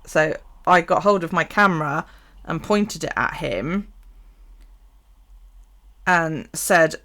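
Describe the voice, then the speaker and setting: A woman's voice: low-pitched, animated, slow pace, a bit bright. A woman telling a story on a casual live stream, swearing freely and laughing as she goes. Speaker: bullet journal live streamer.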